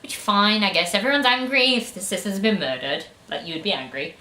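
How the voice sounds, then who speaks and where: A woman's voice: medium pitch, big pitch swings, brisk, sharp tone. A woman ranting sarcastically about a book in a casual review, full of fillers. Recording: echoey room.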